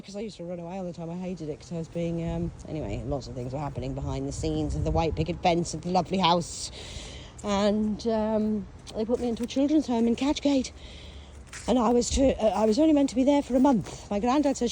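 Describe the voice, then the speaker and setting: This English woman's voice is on the low side with a dark tone, and she speaks briskly over slight background noise. In a casual monologue on her own life, she swears, acts out voices, breaks into song and adds sardonic, self-mocking asides with theatrical flair.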